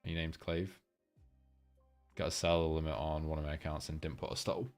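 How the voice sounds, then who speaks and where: A young man with a rumbling low voice hosts a casual live market breakdown, keeping a level tone at normal speed, smooth, with faint music behind him. He rambles loosely as a trading livestream host, swearing freely and filling gaps with ums while reading chat.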